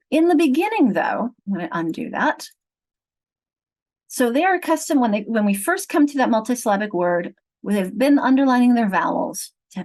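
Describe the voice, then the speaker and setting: A middle-aged woman with a slightly high voice explains phonics steps in a clear, patient teacherly way. She speaks over a video call to a small group of trainees. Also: poor audio. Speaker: literacy trainer. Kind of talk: online teacher training lesson.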